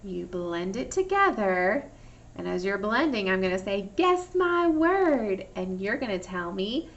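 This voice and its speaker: A woman teaching a first grade phonics lesson remotely, talking in a cheerful, slow, clearly articulated sing-song way for young children. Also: medium pitch, animated, fairly bright tone, recorded from a distance. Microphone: laptop or webcam microphone. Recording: lo-fi recording from off-mic.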